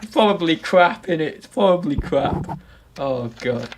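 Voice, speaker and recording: A man's voice: on the high side, animated, a little slow, background noise. Chatty young man. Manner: chatty, self-mocking, rambling. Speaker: livestream host. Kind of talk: casual livestream chat. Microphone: desktop microphone.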